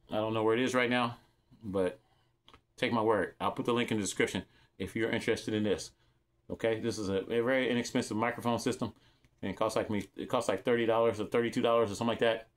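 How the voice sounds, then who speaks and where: Rambling middle-aged man demoing gear. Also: mid-range voice. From California. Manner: rambling, repeats himself, talks straight to viewers. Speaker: vlogger reviewing gear. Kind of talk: casual show-and-tell demo.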